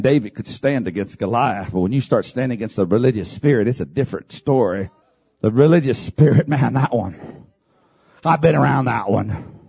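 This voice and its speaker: A man preaching a fervent sermon, building to shouted climaxes and dropping into dramatic pauses. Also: medium pitch, slightly rough.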